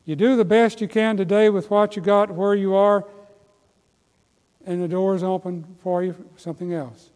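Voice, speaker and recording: Older preacher in a reverberant church. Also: male voice, high-pitched, steady tone, moderate pace, darkish tone. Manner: folksy storytelling preacher, builds to emphatic exhortation. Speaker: pastor. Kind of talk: sermon. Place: church sanctuary. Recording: long hall reverb.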